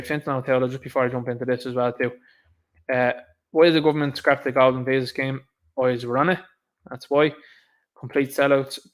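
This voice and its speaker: A man with a Dublin accent hosting a casual livestream, ranting sarcastically and laughing often. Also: high voice. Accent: Irish, Dublin. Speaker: streamer, host. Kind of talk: casual livestream rant commentary.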